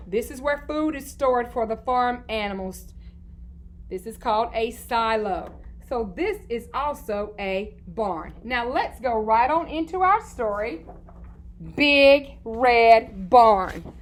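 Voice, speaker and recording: A woman teaching a lesson to young children, in a sing-song way, repeating key words slowly and answering her own questions. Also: fairly high pitch, lively intonation. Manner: asks questions and answers them herself.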